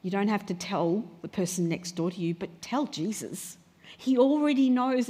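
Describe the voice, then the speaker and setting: A woman delivers an earnest sermon at a middling pitch, slowing right down to repeat her key phrases for emphasis. Her voice rings with a long reverb, as if from a church hall. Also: dark tone, slightly rough. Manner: earnest, varied pace with slow emphatic repeats. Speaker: preacher.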